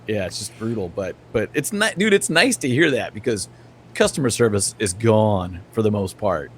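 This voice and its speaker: A man's voice: medium pitch, animated, fairly quick, a little hiss or hum. A man co-hosting a podcast, easygoing and chatty, peppering his talk with "dude". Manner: laid-back, lots of "dude" and "you know". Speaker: podcast co-host. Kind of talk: casual chat.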